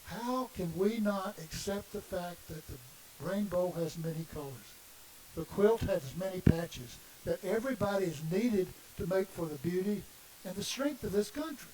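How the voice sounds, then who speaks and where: A man's voice: sits high, expressive, moderate pace, warm tone. A middle-aged man, preaching an impassioned sermon full of emphatic rhetorical questions. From Southern United States. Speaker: minister. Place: congregation meeting room. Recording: distant mic with faint hiss.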